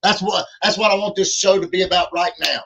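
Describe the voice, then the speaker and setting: A high, bright-voiced man pushes donations in a lively livestream chat. He repeats his catchphrases and talks about himself in the third person. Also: a little fast, vocal fry, poor audio. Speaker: podcast co-host.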